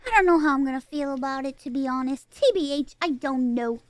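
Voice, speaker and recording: A woman streamer chatting casually about a film she watched, animated and swearing freely, with mocking exaggerated asides. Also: high voice, a little fast, no echo. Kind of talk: casual livestream chat.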